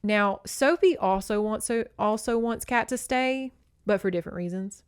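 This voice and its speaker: A woman with a middle-pitched voice hosts a podcast and recaps a novel in loose, candid talk. She swears freely and slips into the characters' lines as she tells the story. The sound is dry and close, with no room echo. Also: normal speed, clean tone. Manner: candid and profane, with frequent swearing; animated storyteller who acts out the characters' lines. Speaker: podcast host. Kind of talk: casual book recap.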